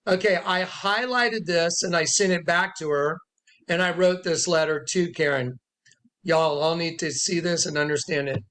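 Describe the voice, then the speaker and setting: A man's voice: a little high, normal speed, a bit bright. A man, a self-described prophet, telling an emotional story to followers sitting with him indoors, acting out the voices he quotes. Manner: emphatic, acts out quoted voices. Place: indoors with listeners present.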